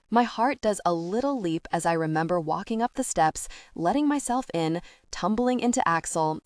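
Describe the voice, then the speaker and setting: A woman's voice: fairly low pitch, no echo. Woman narrating a romance audiobook, dry sound. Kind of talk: first-person audiobook narration.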